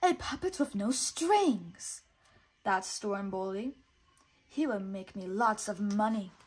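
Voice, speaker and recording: A woman voicing a greedy, gloating male puppet showman in a storybook, speaking slowly. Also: medium pitch, expressive, darkish tone, husky. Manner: slow and gloating.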